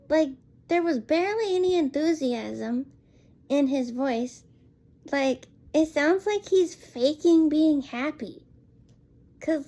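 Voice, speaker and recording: A woman with a high-pitched, slightly mellow voice gives a casual spoken review of a film. She rambles and sounds exasperated, packing her talk with "like."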